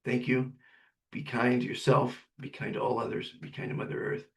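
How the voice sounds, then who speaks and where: An older man hosts a podcast in a motivational monologue. His voice is gravelly, set at a middling pitch. He talks in an upbeat, preachy way and keeps coming back to the same slogans. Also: monotone, normal speed. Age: 70s. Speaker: podcast host.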